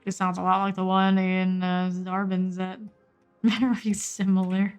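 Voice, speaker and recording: A woman streamer giving steady, matter-of-fact running commentary while she plays a game live. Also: medium pitch, a little slow, clean tone, soft background music, low-quality recording.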